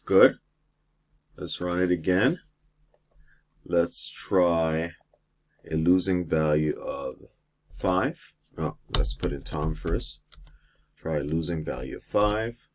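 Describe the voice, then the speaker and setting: A man's voice: low voice, slow pace, long pauses. A man teacher walking through a coding exercise step by step, with some fillers, as he types. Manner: steady step-by-step explaining with fillers. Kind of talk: screen-recorded coding lesson.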